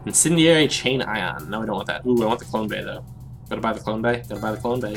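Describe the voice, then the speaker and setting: A man's voice: fairly low pitch, quick pace, creaky, faint music behind. A man casually commenting on his gameplay, rambling and mumbling asides as he plays. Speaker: let's play host.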